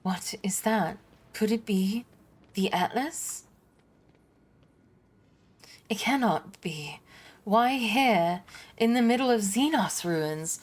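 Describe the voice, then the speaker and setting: A woman's voice: mid-range voice, animated, takes it slowly, long pauses, slightly rough, voice pushed up. A woman voicing a shaken young noblewoman in a game, asking anxious, breathless questions. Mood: startled. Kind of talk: reading game dialogue aloud.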